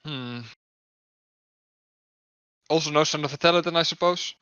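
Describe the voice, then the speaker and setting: A man with a bright, clear voice chats as a player in a tabletop game, asking questions over a dry, slightly dull mic. His tone is lighter and higher than the others. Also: unhurried, no echo. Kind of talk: casual game chat.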